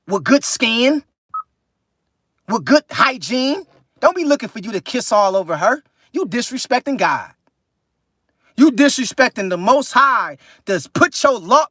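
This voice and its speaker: Male live-stream host, California accent, bright edgy tone, dry close sound, casual and profane. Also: extremely high pitch, no echo. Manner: loose, profane, animated storytelling with laughs. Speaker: livestream host reading chat.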